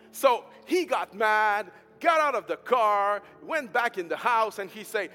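A man preaching a storytelling sermon, emphatic, swinging between loud and soft. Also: high-pitched, lively intonation, normal speed, hardly any pauses. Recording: hall reverb with faint music behind.

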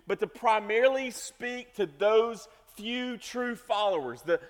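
High-voiced man preaching in a hall. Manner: emphatic preaching, builds to loud stressed phrases. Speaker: pastor. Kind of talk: sermon. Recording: reverberant church hall.

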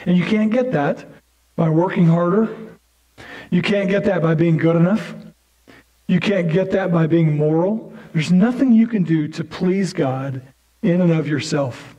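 A man's voice: sits high, a little slow, dark tone, low-quality recording. A male pastor preaching a sermon in a conversational way, with asides and restarts.

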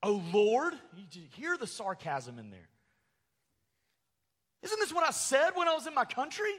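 Fiery preacher man in a reverberant hall. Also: mid-range voice. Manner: animated preaching, acts out angry quotes with sarcasm. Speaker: pastor. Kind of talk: sermon.

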